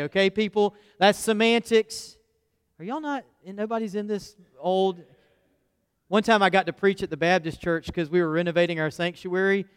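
A man's voice: high voice, clear, resonant tone. A man preaching a conversational sermon, folksy and often asking the congregation questions. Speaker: pastor. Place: church sanctuary. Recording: long church hall reverb.

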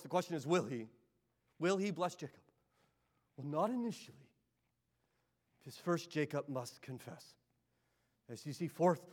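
Impassioned high-voiced male preacher. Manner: impassioned, swings from loud pleading to hushed intimacy. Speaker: pastor. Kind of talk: sermon.

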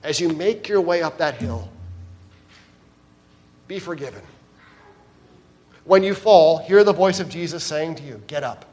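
A man delivers a heartfelt sermon in a fairly high voice. He rises to loud, emphatic declarations, then sinks into hushed, gentle passages. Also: unhurried, long pauses. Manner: swings between loud emphatic lines and hushed soft ones. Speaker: preacher.

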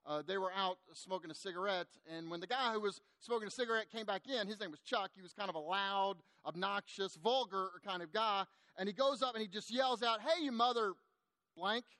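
A man preaching, telling a long story to make his point, animated at times and hushed in the sad parts. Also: sits high, a little fast, hardly any pauses, no room sound. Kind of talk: sermon storytelling.

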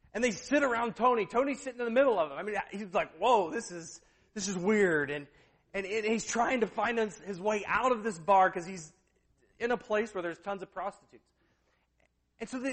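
A man in the pulpit telling a story with real drama. His voice sits a little high, and it climbs to loud bursts before dropping down to near-hushed moments. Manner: animated retelling, swings between loud and hushed. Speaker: preacher. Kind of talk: sermon storytelling.

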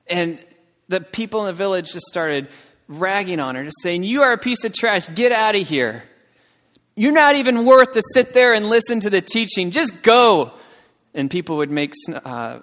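A man telling a missionary story in a sermon, growing emotional and acting out the people he quotes. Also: fairly bright tone. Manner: emotional storytelling, acts out quotes with raised pitch. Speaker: missionary speaker. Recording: long reverb of a large hall.

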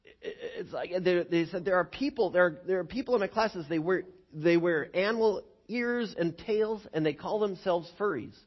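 Male pastor with a high voice, preaching an animated sermon with stumbling repeats, recorded lo-fi. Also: moderate pace. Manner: animated storytelling with many repeated words. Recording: dull lo-fi recording.

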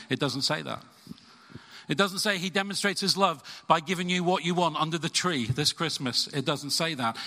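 A middle-aged man preaches with earnest, emphatic conviction, his voice pitched somewhat high for a man. His tone is bright and forceful. Long reverberation from the church hall trails after each phrase. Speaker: pastor. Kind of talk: sermon.

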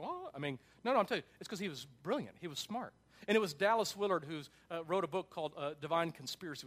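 A man with a high voice preaches to his congregation. He is emphatic, rising to loud passages and dropping to quiet ones. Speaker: pastor. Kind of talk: sermon.

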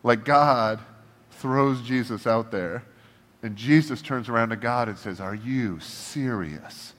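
A man preaching in a casual, joking way, acting out his blunt prayers to God. His pitch is mid-range. The voice carries a long reverb, as if he is speaking in a large church hall. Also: measured pace. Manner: animated, humorous, acts out prayers to God in a shifting voice. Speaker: pastor. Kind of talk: casual conversational sermon.

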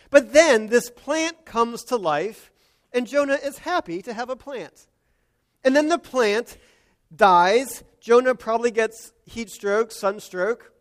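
A man preaching an earnest sermon, moving between hushed and emphatic delivery. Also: high-pitched. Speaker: pastor.

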